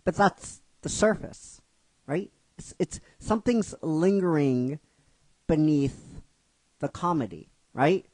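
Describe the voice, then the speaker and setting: A man's voice: fairly high pitch, lively intonation, slow pace, a little mellow, no room sound. A man telling and explaining the story of his own fan script in a casual, rhetorical way, repeating himself. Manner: rhetorical, keeps asking "right?", repeats himself.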